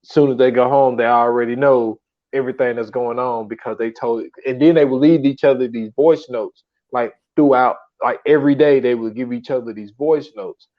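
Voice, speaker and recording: A man co-hosting a podcast, retelling a show in animated casual chat, acting out quotes and swearing freely. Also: medium pitch, normal speed, highs cut off. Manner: animated storytelling, acts out quotes, profane. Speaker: podcast co-host. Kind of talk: casual chat reviewing shows.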